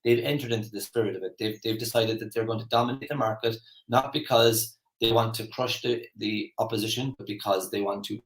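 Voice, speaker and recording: A man's voice: lowish voice, fairly even intonation, fairly quick, few pauses, reverberant, low-quality recording. An Irish man giving a casual motivational talk, chatty and rambling with lots of restarts and fillers. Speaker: motivational speaker.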